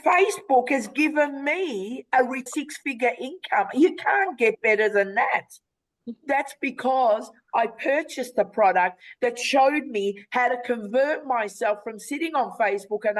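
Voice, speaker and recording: An Australian woman hosting a live video call webinar, making a chatty, persuasive sales pitch with many fillers. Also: low-quality recording. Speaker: webinar host.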